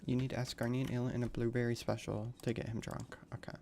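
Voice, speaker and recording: A man's voice: medium pitch, level tone, fast talker, vocal fry, darkish tone, a little hiss or hum. A man streaming a game, reading the dialogue aloud and reacting with crude slang and frequent swearing. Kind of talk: casual gaming livestream commentary.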